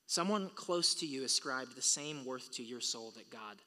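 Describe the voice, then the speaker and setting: Pastor, male, bright forceful voice, preaching in a church with long hall reverb. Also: medium pitch, expressive, normal speed. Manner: preaching, building to emphatic peaks. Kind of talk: sermon. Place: church sanctuary.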